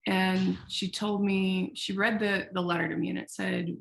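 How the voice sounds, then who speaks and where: Woman guest, candid founder, animated storyteller, swears freely. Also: medium pitch, moderate pace, creaky. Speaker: founder of a sexual wellness company, podcast guest. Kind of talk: casual interview storytelling.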